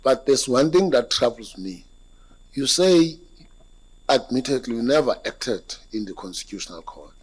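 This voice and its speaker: A man's voice: mid-range voice, animated, normal speed, breathy edge, rough recording. A South African man on an interview panel, probing a candidate's answers with hesitant questions.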